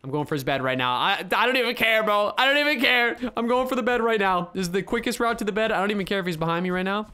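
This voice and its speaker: A young man giving excitable gameplay commentary as a YouTuber, dropping to mutters and bursting into shouts. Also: high-pitched, fast talker, hardly any pauses, smooth. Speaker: gaming YouTuber.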